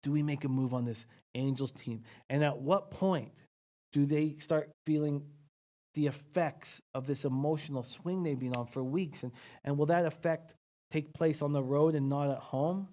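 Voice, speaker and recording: A man's voice: on the high side, fairly even intonation, normal speed, mellow. A man hosting a live betting-picks stream, thinking aloud casually and reading out viewer comments with frequent hmms. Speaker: sports betting analyst host.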